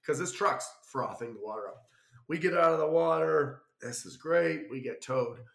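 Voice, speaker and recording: A man's voice: on the high side, moderate pace, gravelly. A man telling a long travel mishap in a casual, rambling way, acting out what people said. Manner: rambling, animated anecdote with acted-out quotes. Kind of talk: casual storytelling. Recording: roomy echo.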